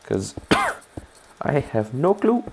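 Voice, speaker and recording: A man's voice: fairly high pitch, big pitch swings, drawn-out words, a little hiss or hum. A man narrating his own game playthrough in a rambling, chatty manner, often asking viewers for their thoughts. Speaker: gaming channel host. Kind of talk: let's play commentary.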